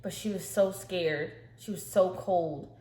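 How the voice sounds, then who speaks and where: A woman's voice: lowish voice, a little slow, warm tone. A woman vlogger narrating a storytime while she eats, in a casual, chatty way with fillers. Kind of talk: storytime while eating on camera. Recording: echoey room, faint hiss.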